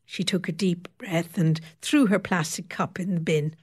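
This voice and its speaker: A woman narrating a story in a steady, wry storytelling manner. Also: fairly low pitch, normal speed, slightly rough. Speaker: audiobook narrator. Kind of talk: scripted narration.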